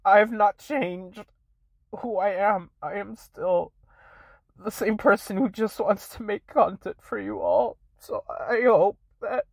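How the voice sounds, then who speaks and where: A young woman making a tearful apology video, close to tears, halting and restarting her sentences as she apologizes again and again. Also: medium pitch, vocal fry, no room sound. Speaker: content creator.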